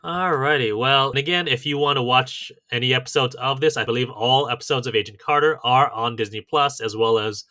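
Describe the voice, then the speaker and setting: A man with a bright, forceful voice chats casually as a podcast co-host. He rambles through details, stopping to correct himself. The sound is dry and close to the mic. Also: mid-range voice, fairly quick, hardly any pauses, no room sound.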